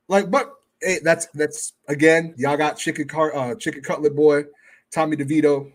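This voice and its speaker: A man on as a guest talks football in a relaxed, measured way, hedging his points as he goes. His voice sits a little higher than most men's. It is an easygoing, conversational delivery. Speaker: guest fan analyst. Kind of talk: casual sports talk.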